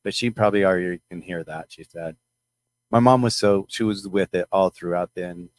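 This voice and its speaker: A middle-aged man with a fairly low voice shares a personal story with his viewers. He rambles and restarts often. The sound is dry and close. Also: no echo. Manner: rambling, halting, emotional retelling with many restarts. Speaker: channel host.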